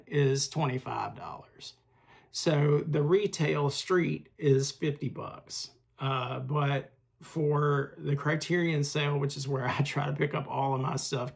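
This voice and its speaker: With a fairly high, gravelly voice, this man hosts a relaxed film review video, stumbling along with frequent filler pauses while showing a collector's eagerness.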